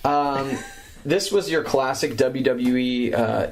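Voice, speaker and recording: A man co-hosting a casual podcast, joking around and sometimes slipping into silly voices. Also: slow. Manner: jokey, breaks into silly high voices and impressions. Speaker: podcast co-host. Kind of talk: casual chat.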